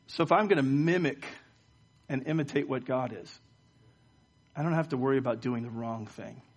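This middle-aged pastor delivers a sermon to his church, shifting between storytelling and leading a prayer. He speaks at a moderate pace in a husky, mid-range voice and frequently stumbles over repeated words.

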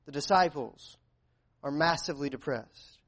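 A high-pitched man preaching to his congregation in an earnest, searching way. He stumbles and restarts often, filling pauses with "uh" as he works through the passage. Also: a bit bright. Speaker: pastor. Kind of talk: sermon.

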